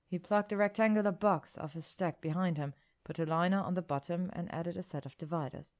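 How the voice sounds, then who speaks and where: A woman narrating an audiobook story in a calm, even, descriptive manner. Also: lowish voice, brisk, hardly any pauses.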